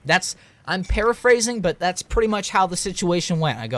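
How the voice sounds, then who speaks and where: Young male reviewer, loose rambling rant delivery, voice a touch high. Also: lively intonation, fast talker, fairly bright tone. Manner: rambling, filler-heavy, restarts. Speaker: game reviewer. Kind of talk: rambling late-night vlog rant.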